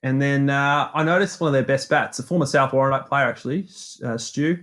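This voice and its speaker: An Australian man casually telling a cricket story on a podcast, animated, acting out his own banter. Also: medium pitch, a little fast.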